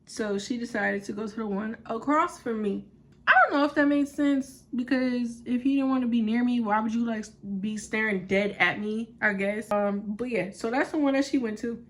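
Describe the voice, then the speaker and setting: Blunt, animated young woman telling a story. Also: fairly high pitch, moderate pace. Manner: animated, blunt, heavy swearing. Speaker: vlogger. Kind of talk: casual storytime vlog.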